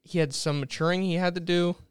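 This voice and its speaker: A man's voice: sits high, quick pace, clear, resonant tone, no echo. A young man telling his side of a story in casual chat, swearing freely and acting out what he said. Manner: profane, animated, acts out quotes.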